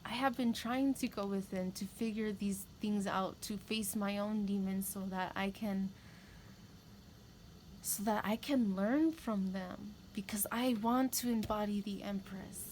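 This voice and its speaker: A woman's voice: medium pitch, fairly even intonation, a little slow, a little mellow, a little hiss or hum, rough recording. A woman giving a tarot reading, talking candidly and rambling, with emphatic repeats. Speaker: tarot reader. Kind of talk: casual spiritual talk to camera.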